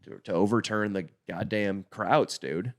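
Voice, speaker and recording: Crude, joking male podcast host, low voice. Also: measured pace. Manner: crude, joking, swears a lot. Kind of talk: casual chat.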